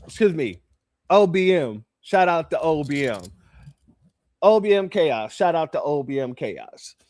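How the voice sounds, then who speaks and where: High-voiced man hosting a reaction stream. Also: very animated, unhurried, no room sound. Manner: joking, mocking, gives shout-outs. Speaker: live-stream host reacting to clips. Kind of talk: casual reaction commentary.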